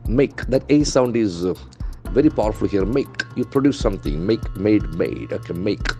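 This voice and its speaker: Man, teacher, low voice, faint music underneath, spells words letter by letter. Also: expressive, normal speed, warm tone. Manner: methodical, spells words out letter by letter, keeps calling words beautiful. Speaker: English language trainer. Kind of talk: lesson.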